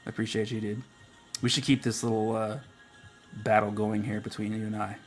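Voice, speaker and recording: A man's voice: on the low side, level tone, brisk, faint music behind. A man hosting a livestream, chatting casually and teasing a friend in a joking, playful way. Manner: teasing, joking, full of "like" fillers. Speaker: livestream host.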